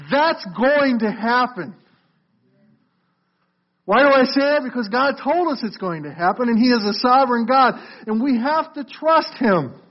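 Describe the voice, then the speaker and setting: A man preaching a sermon as a pastor, earnest, calling listeners folks and often repeating words as he restarts. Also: very high voice. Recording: muffled lo-fi recording.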